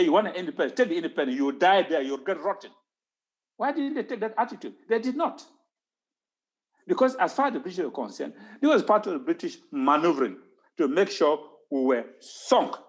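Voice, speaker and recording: A man giving an impassioned talk on history at an online town hall, stressing points by repeating words. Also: fairly high pitch. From Cameroon.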